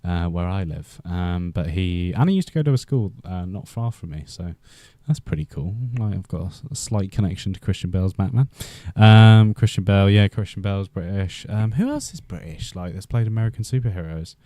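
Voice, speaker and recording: Low, mellow-voiced Welsh man chatting. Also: brisk, few pauses, dry recording. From Wales. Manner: rambling, chatty, many fillers and restarts. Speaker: livestream host. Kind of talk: casual live-stream chat.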